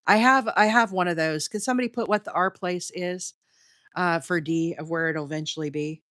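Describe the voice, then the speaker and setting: A woman's voice: lowish voice, fairly quick, a bit bright, no echo, clean studio sound. Chatty Southern woman hosting a livestream. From Alabama, US. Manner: chatty, rambling, talks straight to the chat. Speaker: crochet livestream host. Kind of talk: casual live-stream chat while crocheting.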